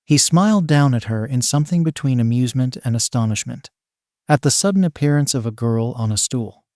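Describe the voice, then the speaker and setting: A man's voice: mid-range voice, lively intonation, a little fast, a little mellow, dry recording, clean studio sound. A man steadily narrating a fan fiction story.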